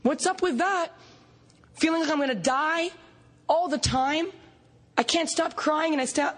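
A woman from Canada giving an animated recovery meeting share, storytelling with laughs and acted-out quotes. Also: high voice. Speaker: recovery fellowship speaker.

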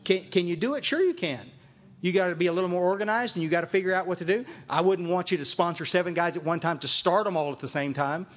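A man's voice: high-pitched, fast talker. A man speaking to a meeting audience as a recovery sponsor, emphatic and repeating phrases for emphasis. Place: meeting room with a live audience.

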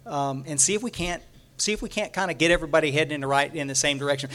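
Guy, middle-aged, talking at a recovery meeting, kinda high voice, keeps stalling and repeating himself. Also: steady tone, pushed and bright. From Texas. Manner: halting, repeats words, many fillers and restarts. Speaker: recovery speaker.

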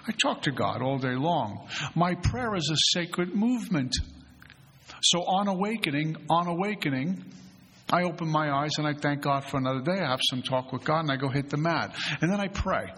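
Retreat facilitator, man, somewhat high husky voice, earnest and conversational, long hall reverb. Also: lively intonation, normal speed, fairly bright tone. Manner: earnest, conversational, repeats phrases. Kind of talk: spiritual recovery talk.

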